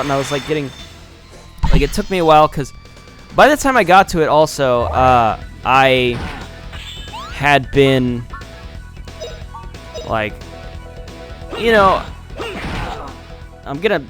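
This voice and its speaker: A man's voice: mid-range voice, big pitch swings, slow pace, long pauses, a bit bright, faint music behind. A man commenting casually on his gameplay, rambling and swearing, laughing at himself, a little tipsy. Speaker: let's play gamer.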